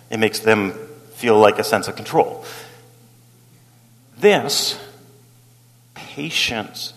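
Storytelling pastor in a reverberant hall. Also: male voice, mid-range voice. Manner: animated, acts out quotes, laughs while telling. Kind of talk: storytelling sermon.

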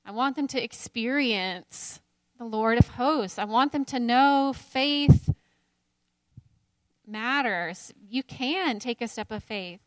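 A woman in her thirties teaches a Bible study in a slightly high voice, candid and self-deprecating, breaking into laughter often. The sound is dry and close, with no room around it. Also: slow, no room sound.

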